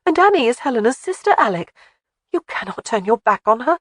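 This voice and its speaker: A narrator voicing a spirited young Highland bride in an audiobook, pleading and tearful. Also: female voice, sing-song, a little fast, no echo, clean studio sound. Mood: protesting. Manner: pleading, tearful, high-pitched. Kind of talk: audiobook character voice.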